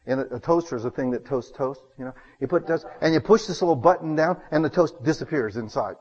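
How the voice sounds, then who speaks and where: A man preaching a sermon, telling homey stories and swinging between loud bursts and hushed asides. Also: on the high side, animated, brisk, few pauses, big-room sound, muffled recording.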